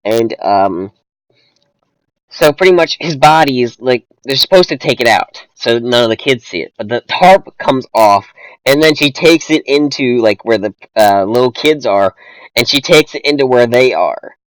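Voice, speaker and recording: Rambling young man with lively pitch. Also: moderate pace, no echo, low-quality recording. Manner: rambling, lots of fillers and restarts. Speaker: podcast co-host. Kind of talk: casual movie review chat.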